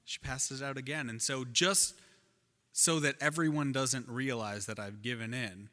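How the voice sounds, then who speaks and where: A man delivers a sermon in a church, his bright, forward voice rising and dropping as he tells a story. The sound carries a long, echoing reverb from the hall. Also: mid-range voice, a little slow. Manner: animated storyteller, shifts loud and soft. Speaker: pastor.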